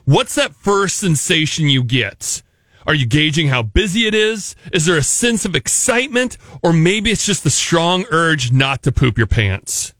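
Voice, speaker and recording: High, bright-voiced teasing radio host. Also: male voice, big pitch swings, measured pace, no echo, studio quality. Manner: teasing, jokey banter. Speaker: radio morning show host. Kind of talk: casual on-air chat. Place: radio studio. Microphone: studio microphone.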